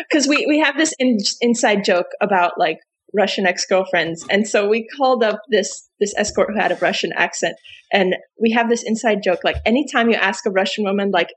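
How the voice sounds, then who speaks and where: A woman's voice: mid-range voice, breathy edge, low-quality recording. A woman from Canada, a podcast guest telling a prank story with lots of giggling. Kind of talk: casual podcast chat.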